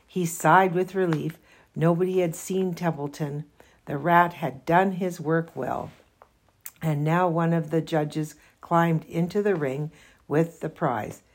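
A woman reading a children's novel aloud in a slow, careful manner. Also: deep voice, a little mellow. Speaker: reader.

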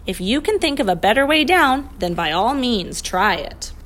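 A woman voicing a kindly but stern older male professor, measured and reasoning, in a storybook reading. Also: on the high side, very animated, fairly bright tone, a little hiss or hum, pitched above the performer's own voice. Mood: patient, firm.

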